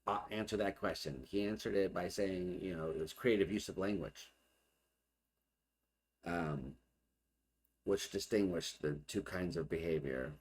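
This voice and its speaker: A man's voice: sits low, unhurried, pauses often. A man hosting a casual reaction, thinking aloud and puzzling over what he hears. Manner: muses aloud, questioning and puzzling over points. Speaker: host reacting to an archive video.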